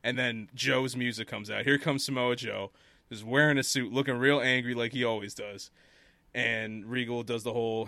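A man hosting a casual chat show, telling stories in an animated way and laughing often. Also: mid-range voice, moderate pace, dry recording.

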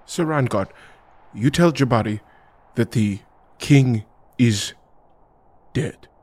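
A man's voice: medium pitch, darkish tone. A man playing a dutiful third-person warrior. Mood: firm. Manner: formal, halting, third-person speech. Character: dutiful male warrior who speaks of himself in the third person.

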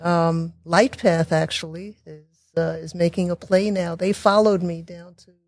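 A woman talking as a guest in a casual interview, chatty and quick to restart her sentences, with sarcastic asides. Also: lowish voice, fairly even intonation, darkish tone, no room sound, clean studio sound. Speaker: guest, technology consultant.

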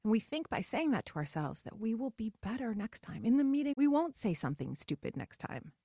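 A middle-aged woman hosting a podcast, talking in a chatty, animated way and acting out the voices she quotes. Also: fairly high pitch, a little fast, slightly rough, dry recording, clean studio sound. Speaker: podcast host. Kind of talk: casual solo podcast monologue.

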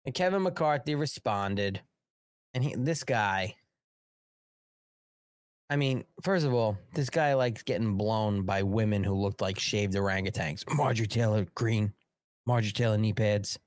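A man's voice: on the low side, measured pace, dry recording, clean studio sound. A man hosting a live political commentary show, reading news aloud and mocking it with crude swearing. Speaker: host.

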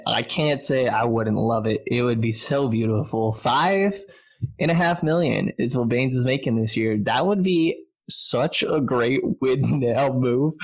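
Casual male podcast co-host, mid-range voice, loose and chatty delivery. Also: medium pitch. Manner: chatty, loose, lots of "like" and restarts. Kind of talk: casual sports podcast chat.

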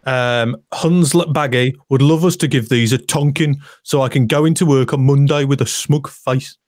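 A man's voice: medium pitch, steady tone, normal speed, darkish tone, dry recording, studio quality. A man co-hosting a casual football podcast, chatting and reading out listener messages. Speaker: podcast co-host.

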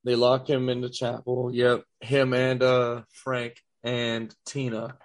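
A man's voice: mid-range voice, monotone, slow. A man talks casually on a podcast, full of enthusiasm for a movie. He keeps jumping in to act out lines from its scenes. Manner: enthusiastic, quotes scenes in voices. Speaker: podcast co-host. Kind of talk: casual movie-review chat.

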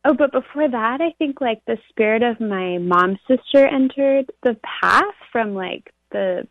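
A woman's voice: on the high side, lively intonation, unhurried, dry recording. Woman, casual dream retelling, rambling, filler-heavy, muffled lo-fi audio. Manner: rambling, fills speech with "like". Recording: dull lo-fi recording.

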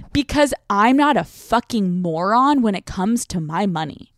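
A young adult woman hosting a casual solo podcast, brash and profane, talking fast and loose. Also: medium pitch, expressive, dry recording, studio quality. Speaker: podcast host. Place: restaurant brunch. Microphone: phone.

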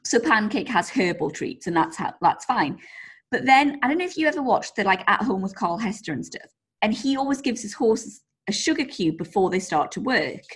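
A woman co-hosting a podcast, telling stories in a lively way and swearing casually. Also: medium pitch, normal speed, husky. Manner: animated storyteller, swears casually. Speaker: podcast co-host. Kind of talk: casual chat.

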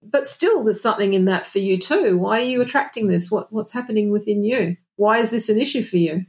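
A past life regression therapist, interviewed casually as a guest, speaks briskly in a mid-range voice. She is earnest and reflective, with frequent restarts and plenty of "you know".

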